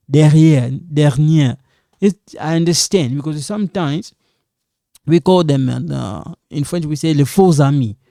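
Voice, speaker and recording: A man speaking in a dry, close recording with a mellow, somewhat high voice. He teaches beginners in an unhurried, patient way, repeating words and reassuring them that it's okay. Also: no echo. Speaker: French teacher. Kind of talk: recorded beginner language lesson.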